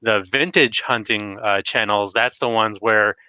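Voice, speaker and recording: Man, casual stream chat, rambly and filler-heavy; bright voice, dry muffled call audio. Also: fairly low pitch, unhurried, clear, resonant tone, no echo. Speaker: retro collecting YouTuber.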